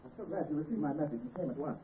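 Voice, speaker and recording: Actor playing mad scientist Victor Frankenstein. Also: male voice, fairly high pitch, animated, racing, close to an everyday voice. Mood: urgent. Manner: theatrical, swinging from hushed to exultant. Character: Victor Frankenstein, obsessed young scientist, grandiose and unstable. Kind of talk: 1930s radio drama acting. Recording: tinny old radio recording with hiss.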